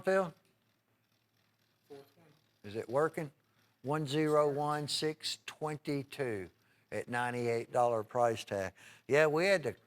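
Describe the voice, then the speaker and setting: A man hosting a live TV shopping show, selling in a folksy, enthusiastic, chatty way with many fillers. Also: medium pitch. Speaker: TV shopping host. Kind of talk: live TV shopping sales pitch.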